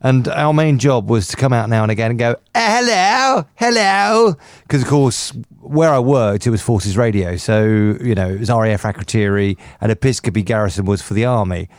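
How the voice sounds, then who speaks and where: A man's voice: lowish voice, fairly quick, few pauses, a little mellow, no room sound, studio quality. A man chatting on a radio show as presenter, enthusiastic and a little bossy as he teases his co-hosts. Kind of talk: casual radio chat.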